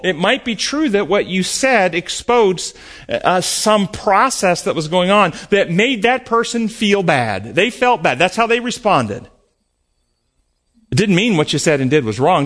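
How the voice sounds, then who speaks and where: Earnest preacher man, slightly high voice. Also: very animated, a little slow, a bit bright. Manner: earnest, emphatic, acts out quoted voices. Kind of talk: sermon with closing prayer.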